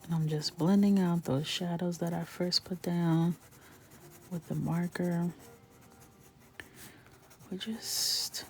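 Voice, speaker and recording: A woman with a low voice chats her way through a coloring livestream, taking her time with every thought. She talks in a playful, chatty way and keeps slipping into soft, close whispers as she works. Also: fairly even intonation, slow pace, gravelly, pauses often. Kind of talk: casual chat while coloring on a livestream.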